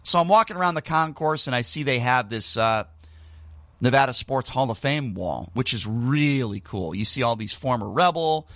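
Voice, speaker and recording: Middle-aged male sports talk host, bright forceful voice, dry close sound, animated and indignant. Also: medium pitch, moderate pace, dry recording. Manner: animated storyteller, rising to indignant outbursts. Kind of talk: casual sports radio monologue.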